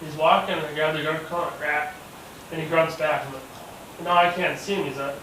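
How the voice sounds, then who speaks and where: A man telling a hunting story in casual chat, animated, acting out quotes and swearing freely. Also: fairly high pitch, brisk. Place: hunting camp gathering. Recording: echoey, distant, noisy camp recording.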